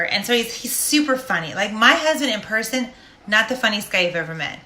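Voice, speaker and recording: A woman's voice: mid-range voice, expressive, fast talker, pushed and bright. A middle-aged woman telling a personal story to a live audience in a casual, jokey, self-deprecating way. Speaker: host of a live stream. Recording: echoey room.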